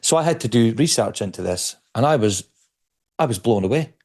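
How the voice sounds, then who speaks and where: Man, podcast guest, lowish voice, reflective, restarts phrases while thinking. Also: lively intonation, brisk, a little mellow, breathy edge. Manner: reflective, repeats words as he searches for them. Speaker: podcast guest, speaker on stress. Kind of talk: conversational interview.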